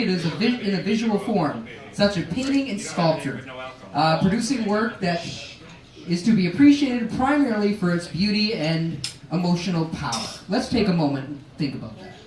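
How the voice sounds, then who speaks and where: A man giving a casual, jokey speech at an art show, swearing and laughing as he talks. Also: high-pitched. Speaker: event organizer giving a speech. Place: art show in a restaurant lounge. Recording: roomy sound from a distant camera.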